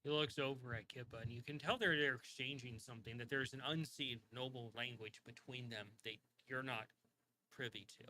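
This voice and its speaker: Gm guy narrating the scene, bright voice, rambly. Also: medium pitch, steady tone, fairly quick, slight background noise, poor audio. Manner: rambling, full of fillers and restarts. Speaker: game master. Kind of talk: narrating a tabletop game.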